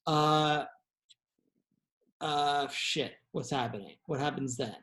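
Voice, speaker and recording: A man's voice: fairly high pitch, slow, fairly bright tone. A man, a playwright, tells a history story in a loose, rambling, profane comic style with many restarts. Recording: echoey room.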